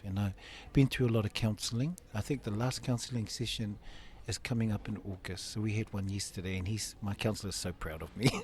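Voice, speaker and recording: There's slight background noise as a man with a fairly low voice, in his fifties and from a Samoan family, tells an interviewer an emotional personal story. He laughs a lot and acts out how his relatives sound.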